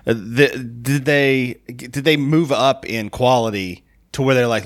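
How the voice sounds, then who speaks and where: A jokey man in a casual film podcast chat, quick to laugh and tease. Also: medium pitch, no echo.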